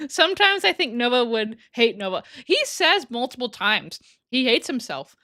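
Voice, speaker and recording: A woman's voice: on the high side, sharp tone, dry recording, clean studio sound. A woman hosting a casual livestream, reading super chats aloud in a giggly, chatty way that often trails off and restarts. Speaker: livestream host.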